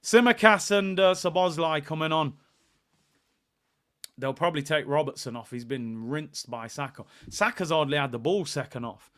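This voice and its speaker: A young man hosting a live football watchalong, commentating on the match, reading out chat messages and shouting when play heats up. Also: a little high, normal speed.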